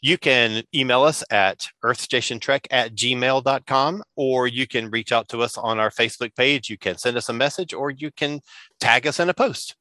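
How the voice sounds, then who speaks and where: A man's voice: medium pitch, normal speed, sharp tone, dry recording. A man co-hosting a podcast, chatting casually and retelling favorite scenes with enthusiasm. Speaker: podcast co-host.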